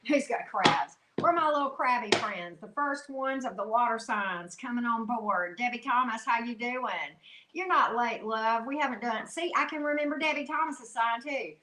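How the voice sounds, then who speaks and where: A woman reads tarot for her viewers in a loose, chatty way, blunt and teasing and quick with pet names. Her voice is bright and forward, and it rings a little in an echoey room. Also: a little high, a little hiss or hum. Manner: chatty, blunt and teasing, calls listeners love and baby. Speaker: tarot reader. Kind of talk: casual tarot reading for viewers.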